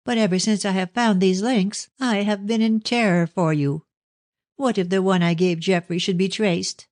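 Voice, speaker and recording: Guy doing a scared teary young daughter, pitched way up, pleading, dry close sound. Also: fairly even intonation, moderate pace, no echo, natural voice. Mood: tearful. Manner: pleading, tearful and breathless. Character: anxious tearful young woman, a devoted daughter. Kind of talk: audiobook character reading.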